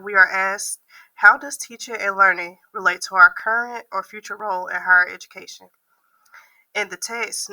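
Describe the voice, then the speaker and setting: Woman, hoarse, slightly low pitch, very bright tone, reading a prepared reflection. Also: poor audio. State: hoarse from losing her voice. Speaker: university admissions processor. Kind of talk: class video reflection.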